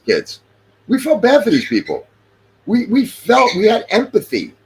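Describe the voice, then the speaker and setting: A man's voice: high voice, huge pitch swings, measured pace, a crowd in the background. A middle-aged man in casual chat, talking emphatically and repeating his points.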